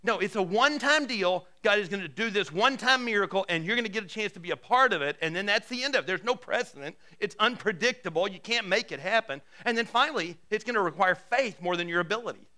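A man preaching a sermon as pastor, telling stories in a conversational, animated way with frequent restarts. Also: high-pitched, fast talker, hardly any pauses.

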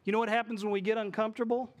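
A man in his forties preaching a sermon as pastor, animated and acting out the voices he quotes. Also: high voice, very fast.

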